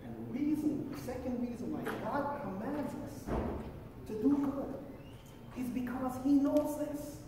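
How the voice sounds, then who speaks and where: A man's voice: very high-pitched, measured pace, background noise. A man from Jamaica, preaching a sermon in a conversational storytelling way and acting out the people he quotes. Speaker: pastor. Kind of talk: sermon with personal stories. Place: church auditorium. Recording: echoey church hall, mic at a distance.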